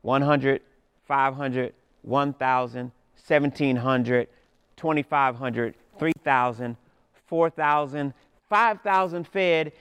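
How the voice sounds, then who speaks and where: A male pastor with a smooth, resonant voice, pitched a bit higher than most men. He preaches in a lively storytelling manner, and his voice sounds close and dry. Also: slow pace, no echo. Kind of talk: sermon.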